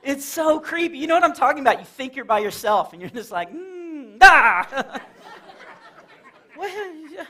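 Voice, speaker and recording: Animated high-voiced man doing stand-up. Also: a little fast. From Texas. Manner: animated storytelling with acted-out quotes and laughs. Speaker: Christian stand-up comedian. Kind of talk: live stand-up comedy. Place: church hall with a live audience.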